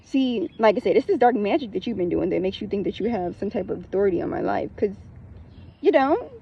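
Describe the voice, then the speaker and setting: With a medium-pitched, creaky, slightly rough voice and lively intonation, this woman speaks a little fast over lo-fi sound. A spiritual content creator, she keeps her talk casual, blunt and emphatic, swearing, repeating herself and breaking into laughter again and again.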